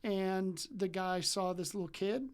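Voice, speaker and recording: A man's voice: steady tone, a little slow, smooth. A man in his forties from Wisconsin, working as a coach, tells a story from his own life. He talks loosely and chattily, with plenty of ums and likes. His voice jumps up when he acts out the lines of the people in the story. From Wisconsin, USA. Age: 40s. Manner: acts out remembered dialogue with jumps in pitch and loudness. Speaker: relationship coach. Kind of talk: casual personal storytelling.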